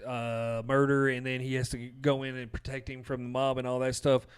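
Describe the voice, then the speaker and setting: A man co-hosting a podcast, chatting casually about movies in a relaxed, rambling way with plenty of fillers. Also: medium pitch, normal speed, smooth. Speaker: podcast co-host. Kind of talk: casual chat.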